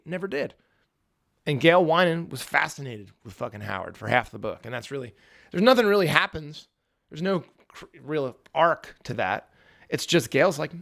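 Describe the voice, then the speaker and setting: A man's voice: medium pitch, gravelly, a bit bright. A man hosting a podcast, talking casually and profanely about a book, with frequent restarts. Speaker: podcast host.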